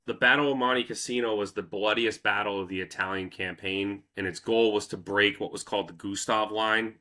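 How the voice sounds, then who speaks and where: A man hosting a casual history podcast, telling the story in a loose, profane, animated way. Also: on the low side. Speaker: podcast host.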